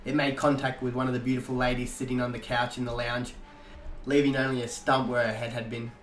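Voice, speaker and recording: A man's voice: medium pitch, level tone, brisk, a bit bright. Man narrating a story, echoey room. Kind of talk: audiobook narration. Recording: echoey room, faint guitar music.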